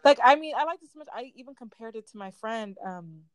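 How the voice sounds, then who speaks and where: A woman's voice: on the high side, fast talker, no room sound. Chatty young woman podcaster, dry sound. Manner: excitable, laughing, trails off and restarts. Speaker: podcast co-host. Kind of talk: casual chat.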